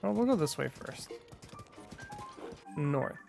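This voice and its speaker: A man's voice: fairly high pitch, lively intonation, slow pace, gravelly, music in the background. A man streaming a video game, chatting playfully with his viewers and joking at the game. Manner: playful, talks to chat, jokey exclamations. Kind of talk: casual gameplay commentary.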